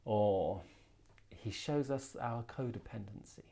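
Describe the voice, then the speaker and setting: Brief: male spiritual healer, gravelly voice, reflective and rambling, restarts his sentences often. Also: mid-range voice, a little slow, a little mellow. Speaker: tarot reader and spiritual healer. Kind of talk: spoken tarot card explanation.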